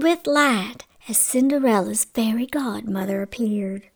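A woman hosting a children's radio show, telling a bedtime story gently and sometimes dropping to a whisper. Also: on the high side, measured pace, few pauses.

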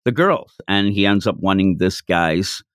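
A man's voice: low voice, measured pace, smooth, dry recording, clean studio sound. A man hosting a podcast, animatedly retelling a comic chapter in casual chat and slipping into the characters' voices. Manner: animated storyteller who acts out the characters' lines. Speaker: podcast host.

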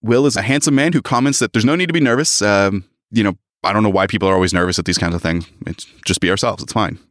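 A man co-hosting a podcast, casually recapping a novel's plot and tossing in quick voices for its characters. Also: fairly low pitch, fairly bright tone, no echo, studio quality. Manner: retells the plot, acting out lines in quick voices. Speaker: podcast co-host. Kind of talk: casual book recap chat.

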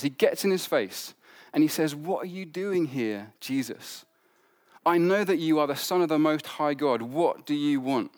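A man preaching a sermon, retelling a gospel story in a conversational way with asides and fillers. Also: a little high.

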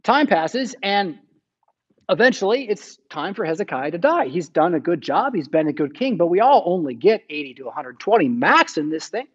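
A man's voice: sits high, sing-song, moderate pace, slightly rough, dull audio. An American man preaching a sermon in a church, retelling the story casually and acting out the quotes.

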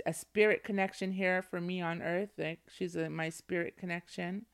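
A woman's voice: low voice, clear, resonant tone. A woman hosting her own podcast, giving heartfelt thanks and affirmations in an effusive, affirming way. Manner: effusive, affirming, full of thanks and shout-outs. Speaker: podcast host. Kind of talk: solo podcast sign-off.

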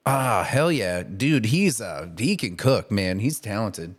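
A man co-hosting a podcast in casual chat, laid-back and high, laughing often and swearing. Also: lively intonation, takes it slowly. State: high on marijuana. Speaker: podcast co-host.

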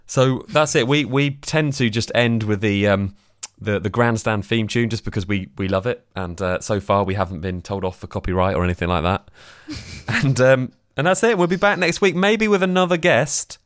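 A man's voice: lowish voice, animated, moderate pace, hardly any pauses, smooth, no room sound, studio quality. A man co-hosting a podcast, easygoing and joking in casual chat. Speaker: podcast co-host.

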